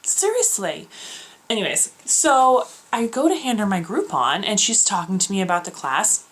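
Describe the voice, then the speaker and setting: A young woman telling a story in a casual vlog, animated, with lots of fillers and restarts, acting out the voices of others. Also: mid-range voice, moderate pace. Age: young adult. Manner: frequent filler words and self-corrections. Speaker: beauty vlogger.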